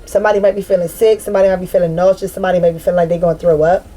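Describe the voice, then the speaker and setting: A woman giving a casual spiritual card reading to her viewers, rambling, excitable and full of slang, breaking into loud laughter. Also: fairly low pitch, racing, poor audio. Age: adult with a daughter. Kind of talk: casual tarot-style collective reading.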